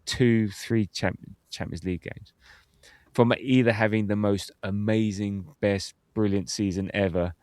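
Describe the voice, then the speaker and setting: A low-pitched man in his fifties talks football on a podcast in a loose, chatty way, laughing easily as he goes. His voice sits close and dry, with no room sound around it. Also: fairly even intonation, measured pace, a little mellow, dry recording. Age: 50s. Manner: chatty, laughs often, reads out listener comments. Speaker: podcast host. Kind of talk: casual football podcast chat.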